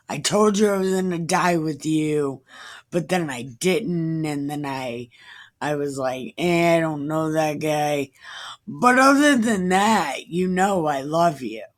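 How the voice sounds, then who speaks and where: Brief: a woman doing a guilty, hesitant apostle, slow and rambling, making lame excuses. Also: low-pitched.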